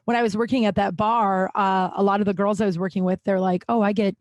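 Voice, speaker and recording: A woman's voice: mid-range voice, flat delivery, fast talker, a little mellow, no room sound. A woman hosting a podcast in a casual monologue, blunt and profane, ranting and going off on tangents. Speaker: podcast host.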